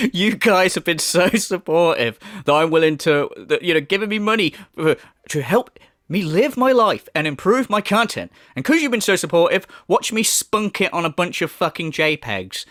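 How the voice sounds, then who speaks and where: A man's voice: high-pitched, animated, normal speed, a bit bright, dry recording, studio quality. A man giving sweary, sarcastic commentary as a YouTuber and often laughing at the person he is discussing. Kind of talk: ranting commentary.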